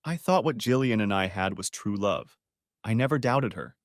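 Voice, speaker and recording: A man reading a revenge story aloud, dramatic and bitter, his pitch swinging widely. He sits close to the mic in a dry, dead room. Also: lively intonation, normal speed, no echo. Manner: dramatic, bitter, voices the shouted lines. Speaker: story narrator. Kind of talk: first-person revenge story narration.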